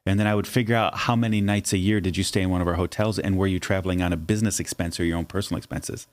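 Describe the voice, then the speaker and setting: A man in his fifties talks in a fairly low voice on a casual Bible podcast. He tells animated stories and slips into the voices of the people in them. The talk is relaxed. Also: rapid-fire. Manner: animated storyteller, acts out voices. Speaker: podcast co-host. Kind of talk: casual Bible study chat.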